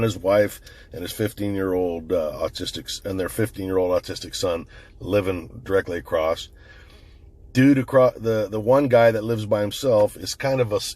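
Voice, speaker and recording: A man tells a story straight into his phone camera in a loose, conversational way. His voice sits a bit low, and he swears freely, trails off and restarts his sentences as he goes. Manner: rambling, profane, conversational, with frequent restarts. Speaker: firearms commentator. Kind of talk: casual storytelling commentary.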